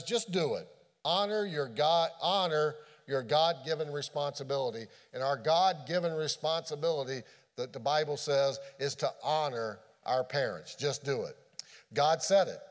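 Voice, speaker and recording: A man preaching a sermon as pastor, earnest, dropping low and quiet on key phrases. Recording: long hall reverb.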